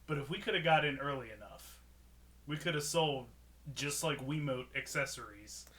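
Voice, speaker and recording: A man's voice: medium pitch, normal speed, fairly bright tone. A man co-hosting a casual comedy podcast, giggling often and restarting his thoughts mid-sentence. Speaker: podcast co-host.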